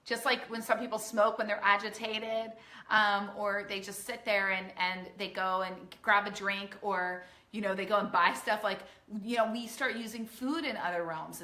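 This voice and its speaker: A woman weight-loss coach gives a live-streamed coaching talk to an online audience, speaking earnestly and emphatically and often acting out the voices in people's heads. Her medium-pitched voice sounds pushed and bright in an echoey room.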